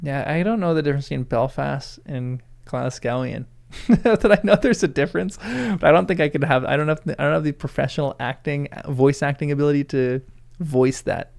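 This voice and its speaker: A man's voice: fairly high pitch, fairly quick, vocal fry. A man reading a novel aloud for the first time, breaking off for laughing, self-deprecating asides. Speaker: first-time book reader.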